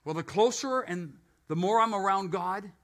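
Older man, pastor, casual sermon delivery, high bright tone. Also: moderate pace. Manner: conversational, self-questioning preaching.

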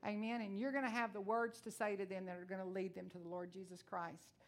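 A woman from Texas with a Texan accent, preaching a sermon in a loud, blunt, emotional and folksy way. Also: medium pitch, flat delivery, quick pace. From Texas, USA.

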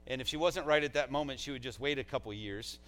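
A man's voice: mid-range voice, quick pace, fairly bright tone, poor audio. A man, a pastor, delivering a eulogy in a conversational, heartfelt way, often dropping in "man" as a filler.

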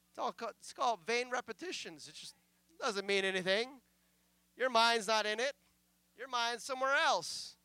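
A male pastor preaching a sermon in a conversational style that swells into loud declarations, sometimes dropping to a mumble to act out a distracted prayer. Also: extremely high pitch, clean tone, no room sound. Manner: acts out mumbled prayers in a quiet aside voice.

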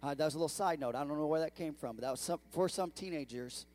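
A man pastor preaching a sermon to his congregation, calling out to the room and swinging between hushed and loud delivery. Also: on the high side, fast. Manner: animated preaching with audience call-outs. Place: church sanctuary.

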